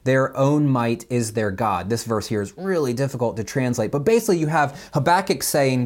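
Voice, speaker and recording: A man preaching a sermon, reading scripture with lively voiced speeches and chatty asides full of fillers. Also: moderate pace, hardly any pauses. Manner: animated, voices biblical speakers with pitch jumps. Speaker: pastor.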